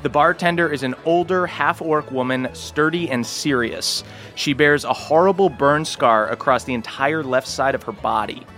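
A man with a high voice leads a tabletop game as its game master, painting each scene in careful, unhurried detail. Faint music plays softly behind him. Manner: descriptive, slowing for scene-setting.

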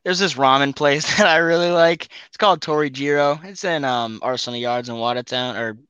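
Easygoing man, bright smooth voice. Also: medium pitch, fairly quick, no echo. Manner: easygoing, hesitant, filler-heavy. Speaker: podcast guest. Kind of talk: casual podcast chat.

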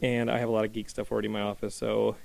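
A man's voice: lowish voice, level tone, very fast, creaky, darkish tone, no echo. A man hosting a casual podcast from a small studio, rambling with frequent ums and restarts. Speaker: podcast host.

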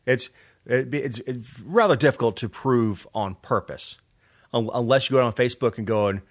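A middle-aged man from Georgia co-hosting a casual political talk show. He rambles with a sarcastic edge and often restarts his sentences, and his voice sits at an ordinary middle pitch. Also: moderate pace.

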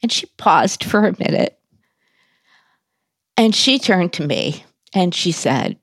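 A woman speaks in a low, slow voice with plenty of gravelly fry. She tells a personal story candidly in an interview, with a wry, conversational touch. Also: very animated, no echo, clean studio sound. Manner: candid, conversational, self-deprecating humor. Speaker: interview guest.

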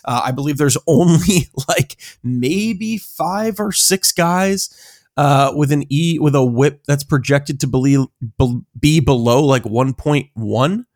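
A man's voice: fairly high pitch, slow pace, a little mellow, no room sound, clean studio sound. A man co-hosting a podcast, talking casually with many ums and restarts. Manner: hesitant, lots of fillers, laughs easily. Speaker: podcast co-host. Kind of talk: casual chat.

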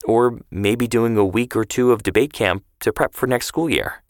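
A man reads the part of a polite, eager-to-please teenage girl who answers hesitantly and earnestly, pitching his natural voice above his own. His medium-pitched delivery moves at a moderate pace in a dry, studio-quality recording.

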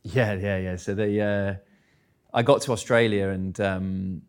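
English guy in his 30s at a live event, lowish voice, chatty, laughs at himself. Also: steady tone, measured pace, smooth. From England. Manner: chatty, self-deprecating, laughs at own stories. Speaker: guest speaker. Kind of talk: live stage interview, storytelling.

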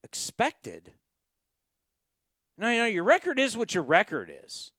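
A man's voice: high voice, huge pitch swings, unhurried, pauses often, bright, forceful tone, no room sound, studio quality. A man hosting a post-game radio sports talk show, ranting sarcastically with emphatic outbursts.

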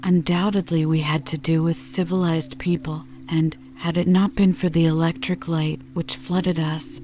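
A woman reading a classic novel aloud as an audiobook, telling the story in a measured, even way. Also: deep voice. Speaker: audiobook reader. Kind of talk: scripted narration of a classic novel. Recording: dull lo-fi with faint music.

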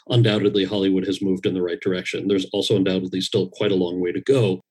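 A man, an actor, telling a personal story in casual, animated talk and quoting others in dialogue. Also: on the low side, husky.

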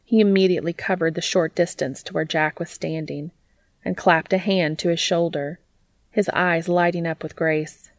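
A woman reading fiction aloud as a narrator, in a steady, even way. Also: on the low side, moderate pace, dry recording. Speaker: audiobook reader.

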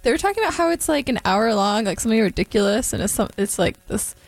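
A woman's voice: a little high, fast, vocal fry, dry recording, rough recording. A young woman hosting a college radio show in a studio, chatting casually with lots of fillers and easy laughs. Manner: relaxed, filler-heavy, giggly. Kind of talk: casual on-air chat.

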